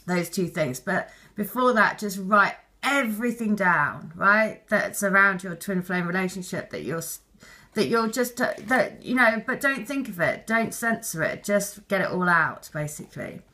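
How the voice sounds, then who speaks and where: A woman's voice: mid-range voice, animated, moderate pace, sharp tone. A woman hosting a spiritual channel, chatting loosely and emphatically as she reads out viewers' messages. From Britain. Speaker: spiritual reader and channel host. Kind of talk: casual chat reading out viewer messages.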